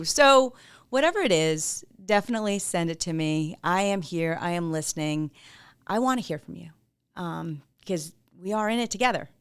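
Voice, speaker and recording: A woman's voice: mid-range voice, clean tone. A woman hosting a podcast, talking casually and candidly to her listeners, laughing often and swearing freely. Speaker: podcast host.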